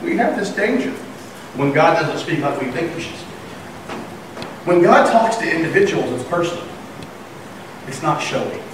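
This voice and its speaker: Pastor, male, high voice, lively storyteller, picked up at a distance in a reverberant sanctuary. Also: background noise. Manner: animated storytelling, acting out voices. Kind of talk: sermon. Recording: echoey room from far off.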